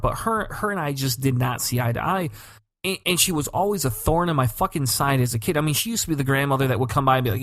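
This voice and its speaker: A man of middle pitch talks in a dry, close sound. He tells his story with lively energy. He swears often and jumps into voices for the people he quotes. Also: no echo. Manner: animated storyteller, swears freely, acts out quotes. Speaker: podcast co-host. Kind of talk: casual chat.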